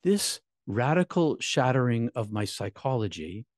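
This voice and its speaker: A middle-aged man and minister recounting his near-death experience in an emotional, halting way, repeating words, his voice climbing high at painful moments. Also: sing-song, no room sound, studio quality. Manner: halting, repeats words, voice rising high when reliving pain. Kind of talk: emotional personal storytelling.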